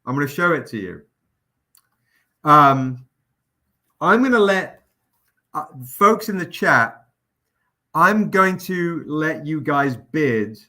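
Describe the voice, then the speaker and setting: A man hosting a livestream, telling an anecdote in a casual, animated, profane way. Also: a little high, slow pace, long pauses. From England. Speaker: comic publisher hosting a livestream.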